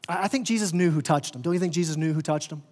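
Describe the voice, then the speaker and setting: A male pastor preaching a sermon with passion, swelling loud and dropping soft, often restarting his words. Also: fairly high pitch, racing, in a large hall. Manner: impassioned, rising and falling in volume, stammering restarts. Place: church sanctuary.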